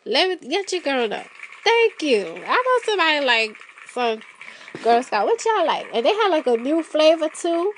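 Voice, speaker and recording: A woman's voice: sits high, very animated, normal speed, fairly bright tone, slight background noise. A woman hosting a podcast solo, chatting playfully and telling stories straight to her listeners. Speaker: podcast host. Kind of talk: casual solo podcast chat.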